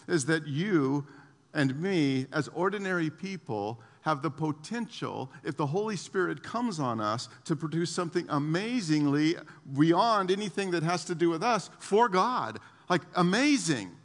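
High-voiced animated pastor in a reverberant hall. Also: male voice. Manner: animated, laughs often, repeats words. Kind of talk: sermon. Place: church.

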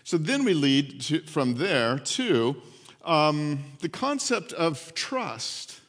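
Pastor preaching with hall reverb. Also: male voice, fairly high pitch, slow. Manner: storytelling, animated, acts out voices. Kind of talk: sermon.

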